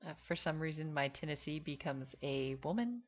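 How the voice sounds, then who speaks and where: A woman's voice: low-pitched, lively intonation, moderate pace. A woman explaining regional accents in a casual, hesitant way, with many fillers. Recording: dull lo-fi recording.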